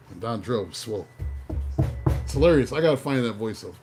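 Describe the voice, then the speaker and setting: Faint music plays behind a man whose mid-range, slightly mellow voice moves briskly with lively intonation and long pauses. During a tarot reading he slides into a profane, joking rant, telling it in a loose and digressive way.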